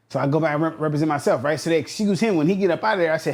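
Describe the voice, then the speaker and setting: A man's voice: on the high side, racing, hardly any pauses, a little mellow. Blunt, slangy man telling his story. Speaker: podcast guest. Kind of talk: storytelling interview.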